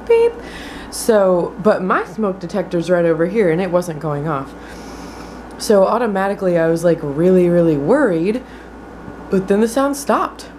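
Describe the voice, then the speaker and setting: A woman's voice: lowish voice, darkish tone, slight background noise. A young woman vlogging in a chatty, exasperated way, full of filler words. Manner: chatty, exasperated, many likes. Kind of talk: casual vlog chat.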